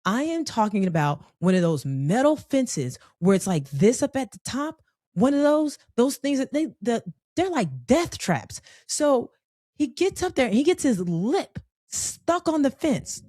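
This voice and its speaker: A woman telling a personal story in a conversational, animated way, with frequent profanity. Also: on the high side, unhurried, no echo, studio quality.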